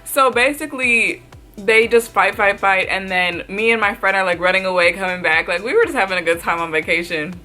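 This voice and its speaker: Chatty bright-voiced woman vlogger. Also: mid-range voice, a little fast, faint music behind. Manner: chatty, fills speech with "like"; excitable, voice jumps up when retelling surprise. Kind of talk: storytime recounting.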